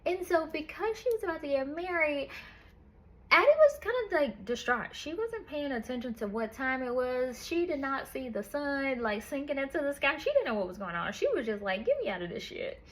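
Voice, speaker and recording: A woman's voice: sits high, big pitch swings, moderate pace. A woman in a casual book review chat, retelling the story in a chatty, profane way with lots of "like".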